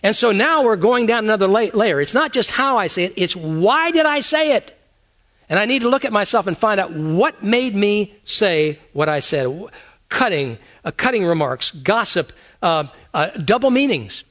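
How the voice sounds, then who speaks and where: Male pastor, conversational sermon delivery, high and highly animated voice. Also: moderate pace. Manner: conversational preaching with rhetorical questions.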